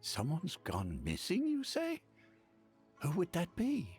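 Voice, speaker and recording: A man's voice: high-pitched, wildly swooping pitch, slow, a little mellow, faint music behind, full character voice. A man voicing a polite, forgetful old village grandfather in a video game, courteous and hesitant. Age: older.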